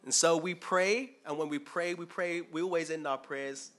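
A man's voice: fairly high pitch, fairly even intonation, normal speed, a bit bright. A man giving an informal, conversational sermon, often asking his listeners questions. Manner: conversational, asks listeners questions, acts out quoted voices. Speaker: preacher.

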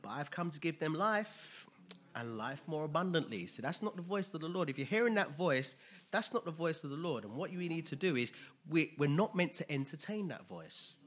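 Husky, bright-voiced preacher. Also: male voice, a little high, lively intonation, moderate pace. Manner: conversational, swings between quiet asides and loud emphatic bursts. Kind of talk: sermon.

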